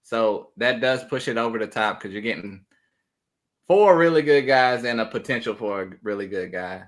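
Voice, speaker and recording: A man's voice: mid-range voice, lively intonation, normal speed. Easygoing man guesting on a podcast. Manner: easygoing, laughs often. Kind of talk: casual sports podcast chat.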